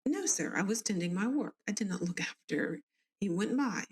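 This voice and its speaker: A woman's voice: mid-range voice, lively intonation, moderate pace, lightly acted. A woman reading as Adeline Churchill, Southern-accented witness. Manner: plain read-aloud testimony, polite. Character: older woman neighbor giving inquest testimony.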